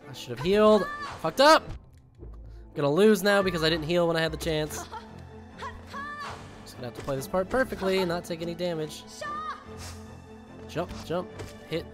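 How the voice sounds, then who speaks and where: A young man streaming a video game, talking casually with excitable outbursts, rambling asides and a lot of swearing. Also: on the high side, fairly quick, pauses often, over music. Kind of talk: casual gaming commentary.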